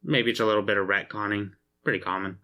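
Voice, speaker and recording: A man co-hosting a casual movie review podcast, easygoing and measured, trailing off at the ends of his sentences. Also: fairly low pitch, steady tone, sharp tone. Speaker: podcast co-host.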